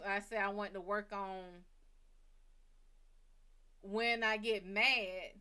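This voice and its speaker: A woman hosting her own psychic reading show, telling a personal story in a blunt, casual way with plenty of cursing. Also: mid-range voice. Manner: blunt, heavy cursing, lively retelling. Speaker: psychic reader and show host.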